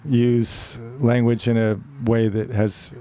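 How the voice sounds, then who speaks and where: A man's voice: mid-range voice, level tone, slow pace, warm tone. A middle-aged man teaching public speaking in an online lecture, defining rhetorical terms and quoting examples one by one.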